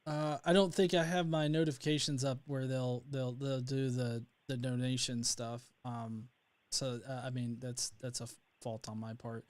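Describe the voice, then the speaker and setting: Hosting a casual livestream, a young man from North Alabama, USA, speaks at normal speed in a mid-range voice with little pitch movement. He rambles, repeatedly restarting and using fillers.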